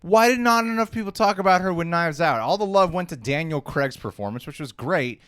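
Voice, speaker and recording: A man co-hosting a live stream, chatting excitably and swearing freely. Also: on the high side, brisk, clean tone, no room sound, clean studio sound. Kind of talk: casual chat.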